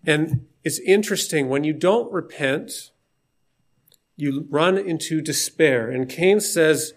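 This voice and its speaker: A man's voice: a little high, takes it slowly. A man preaching an informal sermon in a conversational, emphatic way.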